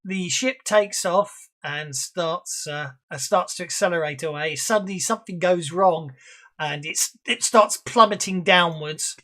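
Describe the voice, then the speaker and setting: High-voiced man narrating a tabletop game. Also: a bit bright. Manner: halting, many fillers and restarts. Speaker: game master.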